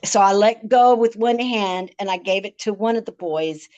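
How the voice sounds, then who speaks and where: A woman's voice: medium pitch, moderate pace, a little mellow, clear, resonant tone, lo-fi sound. A woman, a podcast guest, vividly recounting a frightening personal story, often stammering and repeating words.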